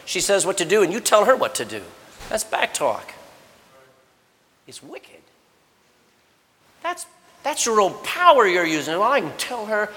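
A middle-aged man preaching a sermon to young people at a camp, animated and swinging from low murmurs to loud exhortation. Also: measured pace, pauses often. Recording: long hall reverb.

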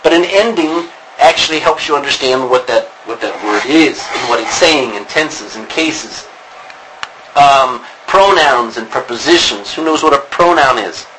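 A man's voice: medium pitch, animated, unhurried, bright, forceful tone, a little hiss or hum, low-quality recording. A man teaching a class on biblical Greek, rambling with many ums and restarts. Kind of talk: classroom lecture.

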